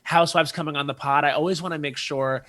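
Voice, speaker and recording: Bright-voiced chatty man. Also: on the high side. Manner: animated storyteller, quick asides. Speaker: podcast guest. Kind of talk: casual chat.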